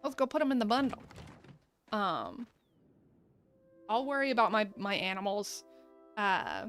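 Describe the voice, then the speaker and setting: A woman's voice: mid-range voice, very animated, unhurried, fairly bright tone, soft background music. A woman chatting casually through a game stream, rambling, laughing often and talking to her viewers. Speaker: gaming streamer. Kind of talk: casual gameplay commentary.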